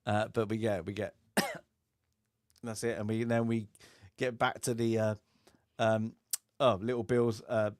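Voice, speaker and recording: A man's voice: lowish voice, flat delivery, unhurried, long pauses, no echo, clean studio sound. Rambling man recapping a film. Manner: rambling, many fillers, acts out film lines with laughs. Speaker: film review podcast host. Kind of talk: casual film discussion.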